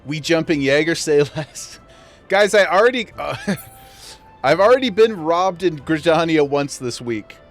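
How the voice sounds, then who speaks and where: A man streaming a game, chatting casually with his viewers, playful and quick to laugh as he talks straight to chat. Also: fairly high pitch, lively intonation, soft background music. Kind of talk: casual live-stream chat while gaming.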